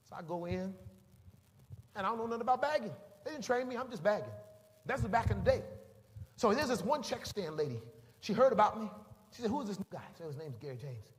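A man's voice: high-pitched, brisk, pauses often. A middle-aged male pastor preaching a sermon, telling a story animatedly and voicing the people in it. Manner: animated storytelling, voices the people in it, makes beeping sounds. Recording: reverberant hall, faint ambience.

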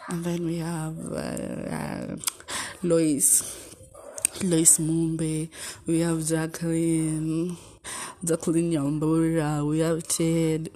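A young Kenyan woman in her twenties with a deep voice, hosting a podcast and chatting casually about her life, switching between English and Swahili slang. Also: extremely slow, dark tone. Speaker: podcast host. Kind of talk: casual personal storytelling.

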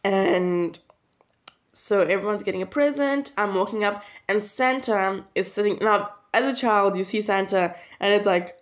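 A woman's voice: mid-range voice, a little slow. A young woman casually telling a childhood story, rambling and correcting herself as she goes. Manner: chatty, rambling, self-correcting, laughs at herself.

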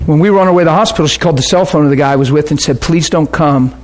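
A middle-aged man preaching and telling a story as a pastor, animated, jumping into shouts when he gets worked up. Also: a little high, very fast. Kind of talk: sermon storytelling.

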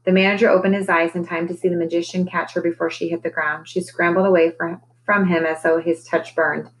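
A woman, a teacher, reading a children's novel aloud with expressive, dramatic storytelling. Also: on the low side, brisk, slight background noise, low-quality recording. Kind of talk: read-aloud storybook narration.

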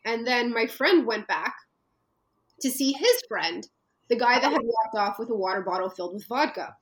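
A woman from Canada telling a personal story as an interview guest, earnest and halting, with many fillers and restarts. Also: a little high, animated, fairly bright tone, poor audio.

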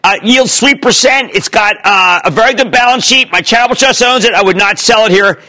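A man in his sixties hosting a stock market call-in show on TV, talking emphatically with jokes and rapid asides. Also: high voice. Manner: emphatic, excitable, jokey, riffing. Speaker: host. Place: TV studio.

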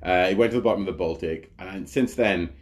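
A man's voice: low voice, a little fast. A man co-hosting a podcast in casual chat, rambling with many fillers and frequent laughs. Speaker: podcast co-host.

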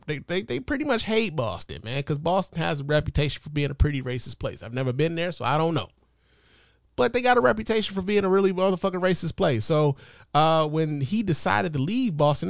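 A man's voice: fairly high pitch, no echo, clean studio sound. A man hosting a podcast, talking through sports commentary in a loose, profane, conversational way with lots of fillers. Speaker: podcast host. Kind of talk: casual commentary monologue.

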